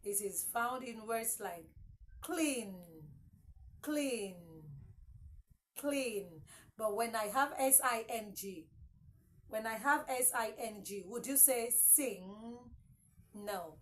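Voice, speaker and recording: A woman teaching English consonant sounds, repeating each word several times and checking in with "okay?". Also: fairly high pitch. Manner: repeats words slowly, asks "okay?" often. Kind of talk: classroom-style lesson. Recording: faint background noise.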